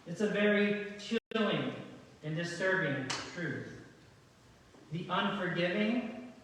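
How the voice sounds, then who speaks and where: A man's voice: high voice, slow pace, fairly bright tone, a little hiss or hum. A male pastor preaching a sermon in a conversational way, often asking the congregation rhetorical questions. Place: large church sanctuary. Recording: very echoey church hall from far off.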